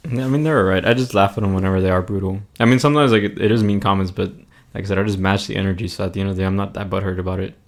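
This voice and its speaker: Young male guest, slightly low voice, relaxed and hedging. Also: racing. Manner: easygoing, hedging with "like" and "I mean". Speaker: podcast guest. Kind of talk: casual chat.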